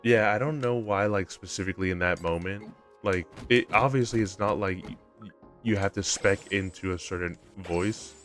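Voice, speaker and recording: A man's voice: lowish voice, normal speed, fairly bright tone. A young man chatting casually on a game stream, rambling with lots of fillers and restarts. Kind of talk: casual live-stream chat while gaming. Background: faint game music.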